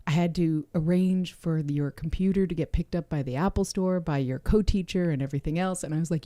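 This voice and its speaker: A woman's voice: sits low, a little fast, few pauses, dry recording. A woman co-hosting a casual podcast, telling stories chattily and reading out viewer comments. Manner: chatty, storytelling, animated. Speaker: co-host.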